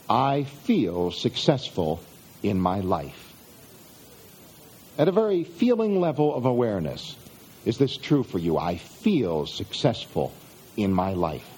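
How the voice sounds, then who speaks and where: Husky man giving a self-help talk. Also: fairly high pitch, warm tone. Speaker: motivational speaker.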